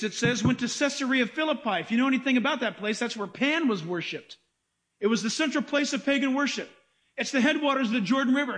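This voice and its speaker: Middle-aged male preacher, very high voice, animated sermon delivery, plays out quotes. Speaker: pastor.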